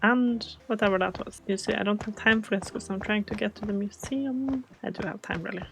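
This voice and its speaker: A woman hosting a gaming video, chatting casually and softly, often puzzled by the game. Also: mid-range voice, brisk, gravelly, faint music behind. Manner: soft-spoken, chatty, easily confused. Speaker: gaming channel host.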